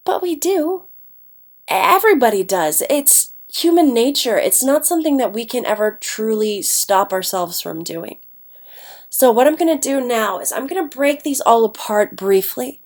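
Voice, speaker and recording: A woman's voice: a little high, a little mellow. A woman from Ohio, an English teacher, giving a recorded class lecture with a stuffed-up nose, chatty and often checking in with "okay?". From Ohio, United States.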